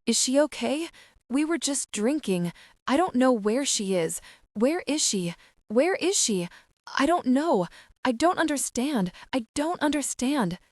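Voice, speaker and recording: Woman playing a panicked young woman, sobbing, halting words, high voice, loud, dry audiobook sound. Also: sing-song, no echo. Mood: panicked, tearful. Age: young adult. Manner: breathless, halting, frantic.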